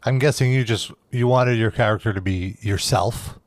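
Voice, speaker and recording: A man's voice: on the low side, moderate pace, no echo. A man hosting a podcast, asking friendly follow-up questions in a casual interview. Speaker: podcast host.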